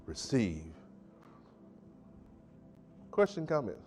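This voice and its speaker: A man pastor preaching a sermon with emphatic call-and-response delivery, swinging between loud and soft. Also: a little high, animated, moderate pace. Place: church sanctuary. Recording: church hall with long reverb.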